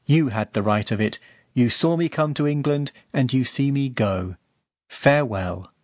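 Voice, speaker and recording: A man voicing an ancient smith god in an audiobook reading, in a low, heavy tone. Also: measured pace, no room sound, clean studio sound, lightly acted. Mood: sorrowful. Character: ancient male smith god, weary and grave.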